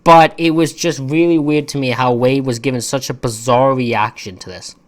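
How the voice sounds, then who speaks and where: A man's voice: medium pitch, normal speed. Rambling, opinionated man recapping. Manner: rambling, opinionated, exasperated asides. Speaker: wrestling reviewer. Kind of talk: casual recap commentary.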